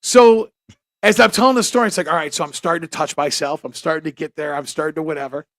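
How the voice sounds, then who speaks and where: A man's voice: on the high side, steady tone, fast talker, fairly bright tone, dry recording. A man telling crude, rambling stories on a podcast, often laughing at himself. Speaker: podcast co-host. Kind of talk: casual chat.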